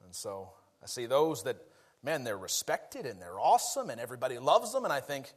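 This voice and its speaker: A man preaching a conversational, folksy sermon, self-deprecating and quick to laugh. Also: mid-range voice, sing-song, breathy edge.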